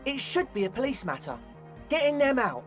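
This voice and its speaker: A man's voice: very high voice, sing-song, brisk, fairly bright tone, faint music behind, heavily acted. An actor playing an earnest young male raver in a game, with a casual, laid-back way of reassuring people. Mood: easygoing. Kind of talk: game dialogue.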